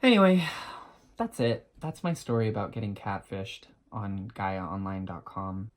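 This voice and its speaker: Animated, self-mocking young man vlogging. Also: fairly low pitch, measured pace. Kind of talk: storytime vlog.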